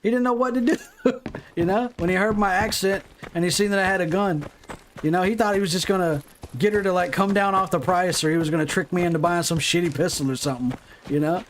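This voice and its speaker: A man's voice: high-pitched, fast, slight background noise. A man chatting casually on a gaming livestream, swearing freely and rambling through stories from his life. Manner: profane, rambling storytelling.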